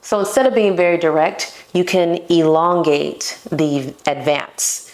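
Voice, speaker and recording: A woman's voice: fairly low pitch, a little slow, a little mellow. A young woman hosting a casual solo podcast, talking playfully and poking fun at herself. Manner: playful and self-mocking, laughs at herself. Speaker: podcast host.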